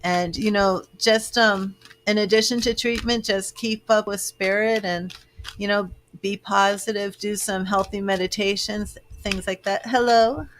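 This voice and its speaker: A woman's voice: mid-range voice, fairly even intonation, unhurried, slight background noise. Reassuring woman doing a live psychic stream. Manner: reassuring, chatty, answers viewer comments. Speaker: psychic reader. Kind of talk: live-stream tarot reading.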